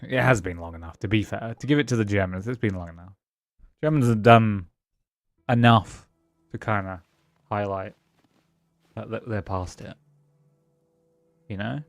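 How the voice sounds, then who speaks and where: A man's voice: fairly low pitch, normal speed, long pauses, no room sound. Rambling British man, dry close sound. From Britain. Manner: rambling, musing, chuckles between thoughts, restarts sentences. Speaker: streamer. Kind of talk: casual gaming-stream chat.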